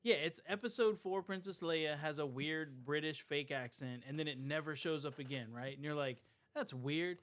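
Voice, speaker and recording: A man's voice: fairly high pitch, moderate pace, few pauses, fairly bright tone. Rambling man acting out voices. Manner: rambling, acts out quoted voices. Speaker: podcast co-host. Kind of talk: casual chat.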